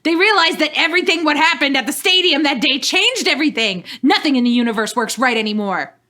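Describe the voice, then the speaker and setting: A woman puts on a frantic young fighter, shouting between shots. The voice is bright and sharp, leaping up and down in pitch. It comes over live stream audio. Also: lively intonation, quick pace. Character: panicked young woman trainer mid-battle.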